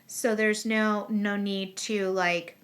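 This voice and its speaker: A woman's voice: medium pitch, steady tone, takes it slowly. A woman hosting a casual live chat on a video call, talkative and rambling, laughing often. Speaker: host.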